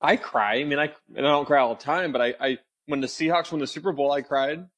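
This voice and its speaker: A man's voice: fairly high pitch, fast, a bit bright. A young man hosting a casual podcast, easygoing, with lots of "like" and "um". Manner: easygoing, filler-heavy, mildly disapproving. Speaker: podcast host.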